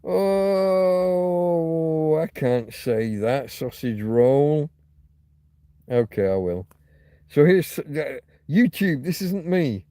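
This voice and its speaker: A man's voice: mid-range voice, slow pace, dark tone, dry recording. A man hosting a casual, rambling livestream who rants and swears freely, repeating and restarting his words as he reads viewer comments. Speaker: livestream host.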